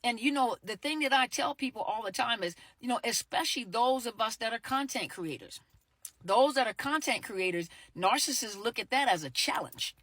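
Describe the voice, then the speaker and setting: A woman's voice: on the high side, lively intonation, normal speed, a bit bright, no room sound. A middle-aged woman therapist talking casually to the camera, with frequent "you know" fillers and repeated words, now and then acting out short quoted exchanges. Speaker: therapist and coach. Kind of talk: casual direct-to-camera talk.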